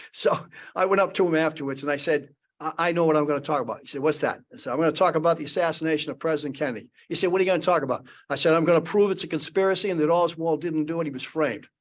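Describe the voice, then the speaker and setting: A man in his 70s from the Boston area tells a rambling anecdote as a panelist at a conference. His voice is a little high and he talks fast, restarting his sentences again and again.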